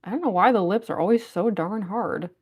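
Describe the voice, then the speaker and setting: A woman's voice: medium pitch, brisk, a little mellow, husky. A woman chatting casually on a livestream, reading viewer comments aloud and giggling often. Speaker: cosplayer livestreamer.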